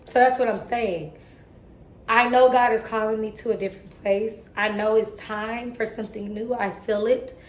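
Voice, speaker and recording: A woman's voice: on the high side, steady tone, normal speed, roomy sound. Earnest, tearful young woman vlogging. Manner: earnest, self-motivating, preachy, casual slang. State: tearful, emotional. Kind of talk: emotional faith-talk vlog.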